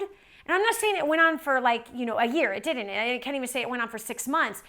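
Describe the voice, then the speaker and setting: Animated, chatty woman with a highish voice. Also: a little fast. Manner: animated, chatty, many "like" and "right?" asides. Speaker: motivational speaker. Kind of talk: storytelling talk.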